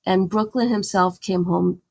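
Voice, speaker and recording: A woman's voice: fairly low pitch, fairly even intonation, measured pace, vocal fry, darkish tone. A woman campaigner, a guest in a podcast interview, telling her story earnestly and with animation, with fillers and restarts.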